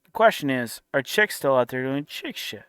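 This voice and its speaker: A man's voice: mid-range voice, lively intonation, normal speed, a bit bright, clean tone, dry recording, studio quality. A man making a casual reaction commentary, sarcastic and incredulous, with laughing asides.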